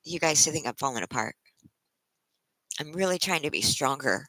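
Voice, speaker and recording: A tired woman livestreaming to her viewers, close to tears, speaking in halting, emotional bursts and restarting her sentences. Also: deep voice, lively intonation, sharp tone, no echo, rough recording. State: tired from a sleepless night. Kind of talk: casual live-stream chat.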